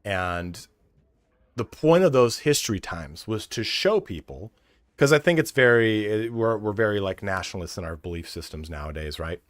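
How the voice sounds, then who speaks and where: On this livestream, a male streamer from California speaks in a lowish voice with lively intonation at a moderate pace. He rambles profanely in an American accent and laughs a lot, and the audio is dry and studio quality.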